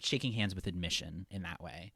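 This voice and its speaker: A young man with a fairly low voice talks loosely about a movie, filling his sentences with "like" and "um." He sounds close to the mic in a dry, deadened space. The tone is casual podcast chat. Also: fairly quick, slightly rough, dry recording. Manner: relaxed, rambling, lots of fillers. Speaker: podcast co-host.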